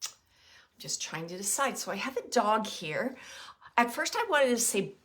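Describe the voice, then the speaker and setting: Bright-voiced woman doing a psychic reading. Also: mid-range voice, very animated, normal speed. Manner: hesitant, thinking aloud with many fillers; describes impressions as they come. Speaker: psychic medium. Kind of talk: live psychic reading to viewers.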